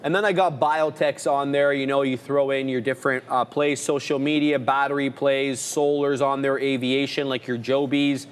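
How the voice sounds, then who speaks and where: A man's voice: medium pitch, little pitch movement, moderate pace, few pauses, clear, resonant tone, big-room sound. A man co-hosting a live trading show, chatting casually and rambling through lists with filler words. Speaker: trader and co-host. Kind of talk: casual live market chat.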